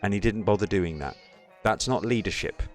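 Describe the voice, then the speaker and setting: Sweary ranting man, lowish voice. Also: normal speed, faint music behind. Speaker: podcast host. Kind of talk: casual political chat.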